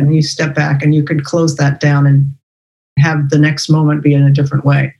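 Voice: medium pitch, monotone, normal speed, gravelly, darkish tone, muffled recording. A podcast host talking casually, reflective and affirming.

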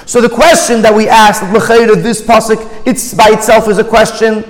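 A man's voice: sits high, flat delivery, moderate pace. A man teaching a Torah text study, who reads Hebrew lines aloud and then explains them in English. He repeats and restarts words as he reasons aloud. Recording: long hall reverb.

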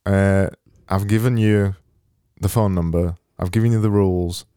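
A man's voice: deep voice, fairly even intonation, normal speed, mellow, smooth, dry recording, clean studio sound. A man hosting a casual chat and scoring songs in a playful, teasing way. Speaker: host.

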